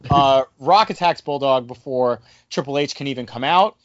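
Animated man recapping wrestling casually. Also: fairly high pitch, normal speed, few pauses, no echo, dull audio. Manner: animated, breaks into excited mimicry. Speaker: podcast co-host.

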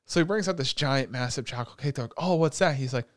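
A man co-hosting a casual podcast, retelling an anime with animated swearing and laughter. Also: medium pitch, fast, no room sound, studio quality. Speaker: podcast co-host.

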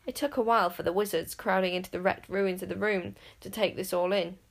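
Woman narrator, lively dramatic storybook reading, mid-pitched voice. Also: a little fast, poor audio. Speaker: audiobook narrator.

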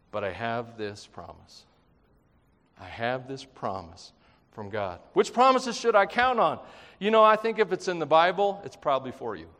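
A man with a fairly high voice delivers a lively, conversational sermon, breaking into playful acted quotes and jokes. His voice rings out with a long reverb tail, as if filling a large hall. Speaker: pastor.

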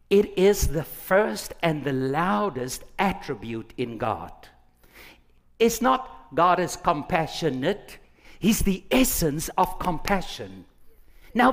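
A middle-aged male pastor preaching a sermon, animated, acting out quotes with big swings from quiet to loud. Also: a little high. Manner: animated, dramatic swings in loudness, acts out quotes.

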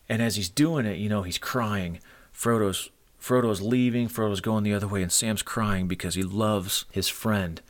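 Middle aged guy preaching, low voice, gets choked up telling stories. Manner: emotional, earnest storytelling. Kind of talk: sermon to men.

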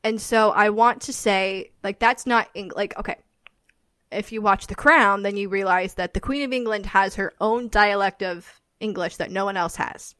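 A woman's voice: medium pitch, fairly even intonation, moderate pace, fairly bright tone, no room sound. A woman co-hosting a podcast, chatting in a rambling way and laughing often. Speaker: podcast co-host. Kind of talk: casual chat.

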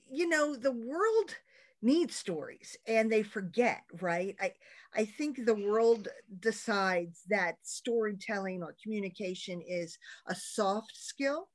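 Brief: enthusiastic middle-aged woman guest, mid-range voice, casual and expressive. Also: medium pitch. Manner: enthusiastic, expressive, laughs often. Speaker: podcast guest, storyteller. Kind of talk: casual interview chat.

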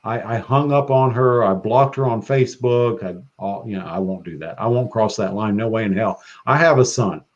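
A man talking as a podcast guest in casual chat, excitable and profane, breaking into loud bursts when quoting. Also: on the low side, moderate pace, hardly any pauses. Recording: dull lo-fi sound.

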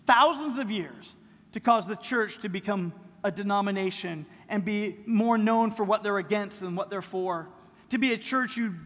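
In a church sanctuary, a middle-aged male pastor delivers a sermon in a conversational way, relying on rhetorical questions. His voice is high and a little bright, and a long reverb from the large hall trails his words.

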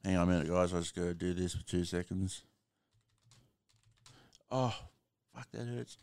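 A man's voice: sits low, normal speed, darkish tone, dry recording. An Australian man hosting a live stream, chatting casually with callers and swearing freely.

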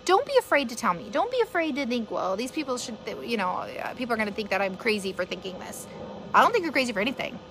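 A woman's voice: on the high side, very animated, fast talker, music in the background. A woman hosting a casual live-stream podcast, rambling earnestly and encouraging her listeners as a mother sharing her thoughts.

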